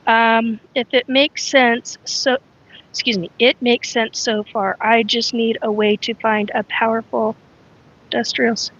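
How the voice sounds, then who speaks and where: Lady live-streaming, bright higher voice, rambly and blunt, kinda dull lo-fi sound. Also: little pitch movement, unhurried. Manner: rambling and frank, greets viewers by name. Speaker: livestream host. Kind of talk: casual live-stream chat.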